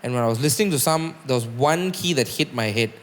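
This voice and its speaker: A man, a guest musician, tells stories on a casual podcast in an animated way, swearing and using a lot of "like". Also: mid-range voice, fast talker, long reverb tail.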